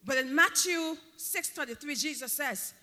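A man's voice: very high voice, normal speed, pushed and bright, long reverb tail. A man preaching a sermon, emphatic and driving his points home by repeating key words.

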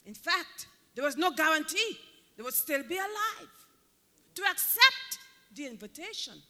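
A man preaching with a strikingly high, bright, ringing voice that swoops lively up and down. He drives his points home by repeating key words. His sermon echoes with a long reverb through a large hall. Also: a little slow.

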